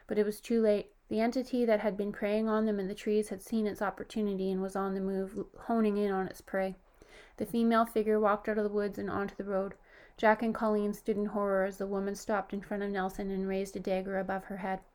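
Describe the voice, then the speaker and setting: A woman narrates a horror story in a steady, scripted reading. Her voice sits at a middle pitch and stays flat, with little rise and fall. She lifts it only a little when she quotes a character. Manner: even, steady storytelling with lifted quoted lines.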